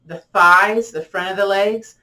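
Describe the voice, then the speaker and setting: Calm woman guiding slow breathing. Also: mid-range voice. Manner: slow, soothing cues with counted breaths. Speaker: yoga and tai chi instructor. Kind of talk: guided breathing and body-scan meditation.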